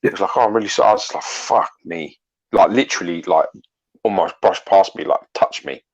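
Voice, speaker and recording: A man's voice: low-pitched, moderate pace, muffled recording. A man co-hosting a casual live stream, blunt and swearing heavily as he tells stories. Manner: blunt, heavy swearing, animated storytelling. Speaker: co-host.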